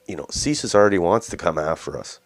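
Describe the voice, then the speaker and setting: Man from Canada, very low voice, blunt scornful rant, news commentary host. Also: lively intonation, brisk.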